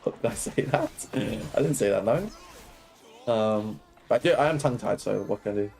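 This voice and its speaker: A young man's voice sits on the low side, expressive, gravelly, and a little mellow, as he streams a video game. He coaches at a quick pace, walking through each move, asking viewers "right?" and "okay?", and bantering and laughing with chat.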